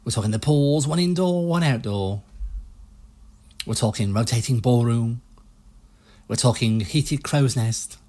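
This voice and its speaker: A man voicing a pushy, fast-talking used-ship salesman with a put-on American salesman accent, reading game dialogue. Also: medium pitch, warm tone, lightly acted. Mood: smooth salesy. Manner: slick, hard-selling patter.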